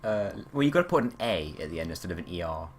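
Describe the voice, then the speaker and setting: A young man co-hosting a casual chat, teasing his co-host and quick to laugh. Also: low voice, very animated, a little hiss or hum.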